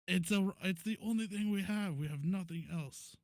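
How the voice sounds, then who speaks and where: A man's voice: sits high, moderate pace, dry recording. A man playing a tabletop role-playing game who jokes in a plain voice. The recording is dry and close. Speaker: player. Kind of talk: casual tabletop play.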